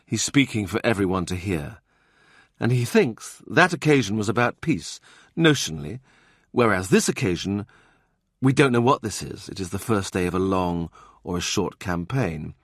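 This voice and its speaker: A man narrating a historical novel as an audiobook, expressive and measured. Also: fairly low pitch, husky, no echo, clean studio sound.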